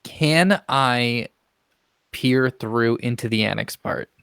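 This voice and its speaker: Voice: mid-range voice, takes it slowly, creaky, fairly bright tone, clear, resonant tone, dry recording, studio quality. A player in a tabletop game, talking casually and hesitantly.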